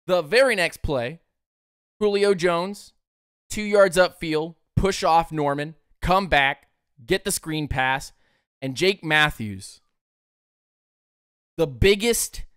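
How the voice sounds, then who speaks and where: A man hosting a sports show, breaking down game plays with excitable energy and frequent laughter. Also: a little high, clear, resonant tone, no room sound, studio quality. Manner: excitable, breaks into laughter, acts out players in quotes. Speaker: sports podcast host. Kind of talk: animated sports commentary.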